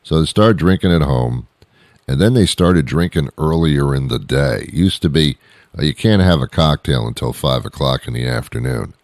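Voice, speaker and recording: A man's voice: a bass voice, animated, normal speed, a little mellow, no echo. A man hosting a show, delivering a rambling, exasperated comedic monologue. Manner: rambling, exasperated ranting with restarts. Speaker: radio show host.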